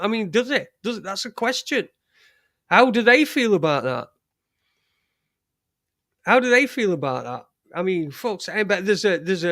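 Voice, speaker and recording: A man hosting a casual live stream, swearing freely and rambling through halting restarts. His voice sits fairly high for a man, and the sound is dry and close with no room echo. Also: fairly bright tone. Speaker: live show host.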